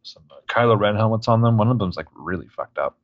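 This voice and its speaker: Low-voiced man describing footage. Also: animated, fast talker, no echo, lo-fi sound. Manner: describes footage plainly, joking asides. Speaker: podcast co-host. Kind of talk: casual film commentary.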